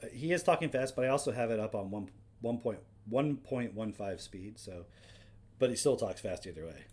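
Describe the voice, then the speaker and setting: A man's voice: fairly low pitch, lively intonation, a little fast, a little mellow, a little hiss or hum. A man hosting a livestream, chatting casually to his viewers about a clip. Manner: casual, offhand, talking to the chat. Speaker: livestream host. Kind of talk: casual reaction commentary.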